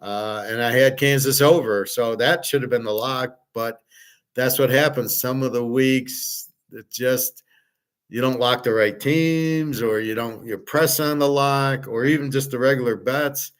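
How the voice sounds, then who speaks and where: Excitable rambling man talking bets. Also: medium pitch, a little slow. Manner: rambling, excitable, profane, full of restarts. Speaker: sports betting show host. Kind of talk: excited casual betting talk.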